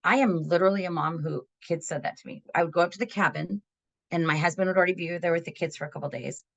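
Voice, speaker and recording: A woman's voice: on the low side, quick pace, vocal fry. A middle-aged woman giving a parenting webinar, talking in an earnest, conversational way and often checking in with "right?". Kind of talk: webinar presentation.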